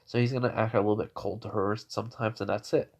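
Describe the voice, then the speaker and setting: A young man telling an improvised fan-fiction story in a halting way, with many restarts and fillers. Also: fairly low pitch, fairly even intonation, darkish tone. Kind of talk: casual improvised story narration.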